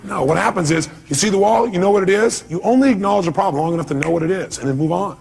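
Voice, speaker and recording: A man's voice: sits high, rapid-fire, creaky. A middle-aged man giving a live motivational seminar talk, telling stories animatedly and acting out voices and exclamations. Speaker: motivational speaker.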